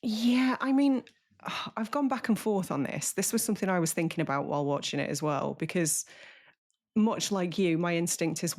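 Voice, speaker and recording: A woman's voice: on the low side, moderate pace, darkish tone. A woman co-hosting a film podcast, talking casually in a wry, blunt way and laughing often. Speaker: podcast co-host. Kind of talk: casual film review chat.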